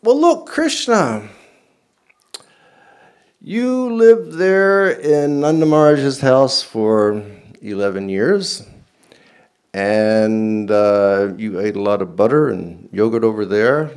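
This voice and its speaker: A man voicing an elderly, confused queen who rambles with many fillers, in a high, loud voice. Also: slow pace, clean tone. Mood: chattering.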